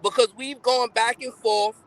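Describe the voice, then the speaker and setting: High voiced guy rambling on a live stream, lots of ums. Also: steady tone, measured pace, a bit bright, low-quality recording. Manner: rambling, hesitant with many fillers. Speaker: show co-host. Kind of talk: casual live stream chat.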